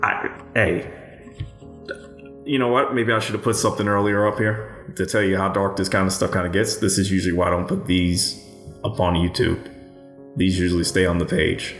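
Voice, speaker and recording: A man narrating history in a casual way, breaking off into profane, sardonic asides full of dark humor. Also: low-pitched, steady tone, normal speed. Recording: roomy echo with faint music.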